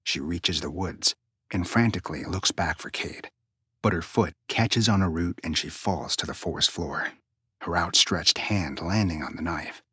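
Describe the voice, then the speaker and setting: Hushed, breathy low-voiced male narrator. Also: unhurried, no room sound, clean studio sound. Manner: hushed, suspenseful, often near a whisper. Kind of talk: scripted story narration.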